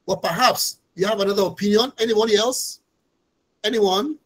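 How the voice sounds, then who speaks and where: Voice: medium pitch, normal speed, rough recording. An instructor, giving an online training lecture over a video call in a patient, explanatory way and repeating key points.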